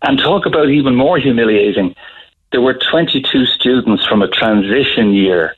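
A middle-aged Irish man telling a story in a radio interview, halting, with many restarts. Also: medium pitch, breathy edge. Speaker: guest author. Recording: phone-line audio.

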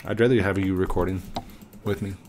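At his home setup, a man who runs a gaming channel trades playful jokes with his son into a desk microphone during a casual gaming chat. His voice is deep, with fairly even intonation, slightly fast, and there is background noise.

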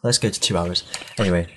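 A man's voice: deep voice, noisy background. A man co-hosting a casual let's play, joking and laughing a lot as he rambles. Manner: laughs often, rambling and jokey. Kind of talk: casual gaming commentary chat. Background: game music.

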